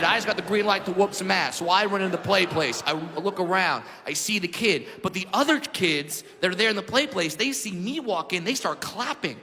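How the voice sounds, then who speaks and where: A man performing a stand-up comedy set on a club stage, loud and animated, shouting his punchlines. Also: high voice, fairly quick, background noise. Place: comedy club stage before a live audience. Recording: reverberant club with crowd laughter.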